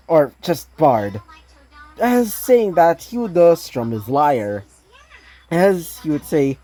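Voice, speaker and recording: Woman narrator, fan story, rambling with fillers, low, slow, mellow. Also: sing-song. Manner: rambling, many fillers, laughs at own slips. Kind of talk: casual fan-fiction story reading.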